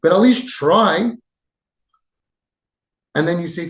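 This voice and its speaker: A man's voice: sits high, slow pace, pauses often. Emphatic man in an echoey room. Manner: emphatic, acts out quoted dialogue, swings between loud and soft. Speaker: parenting podcast host. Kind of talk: impassioned advice talk.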